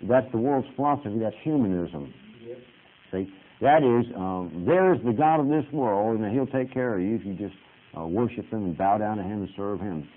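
A man with a lowish voice and a moderate pace, a Baptist preacher, gives a folksy, conversational sermon full of stories and dotted with "amen". The recording sounds like a tinny, phone-like radio broadcast.

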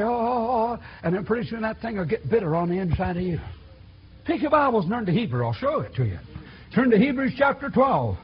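A man preaching a sermon in a church, folksy and animated, acting out quotes with sudden loud outbursts. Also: high voice, husky. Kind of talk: sermon with storytelling. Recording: dull lo-fi recording.

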